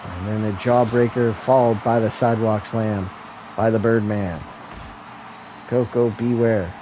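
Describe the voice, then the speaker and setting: A man hosting and calling a wrestling video game match as a solo play-by-play commentator, with excitable calls and joking asides. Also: fairly low pitch, a little slow, background noise. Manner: excitable play-by-play, rising to shouts at near-falls; self-deprecating asides.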